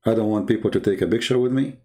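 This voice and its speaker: A man's voice: lowish voice, very fast, darkish tone. A man, a Christian debater, talking in an earnest, emphatic, casual monologue and often repeating himself.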